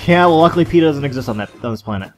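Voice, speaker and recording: Young man, let's-play co-host; quick, teasing delivery, a bit high. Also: expressive, darkish tone, a little hiss or hum. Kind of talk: casual gaming chat.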